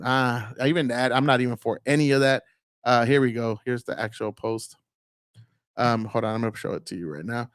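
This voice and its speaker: A man's voice: medium pitch, clean tone, no room sound, clean studio sound. A man hosting a show, talking bluntly and profanely in a rambling, filler-heavy way. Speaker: host. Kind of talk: casual political commentary.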